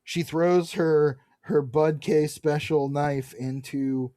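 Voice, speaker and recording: A man co-hosting a podcast, recapping a comic book in a casual, animated way, reading characters' lines aloud and swearing freely. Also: a little high, slow pace, dry recording, clean studio sound. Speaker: podcast co-host.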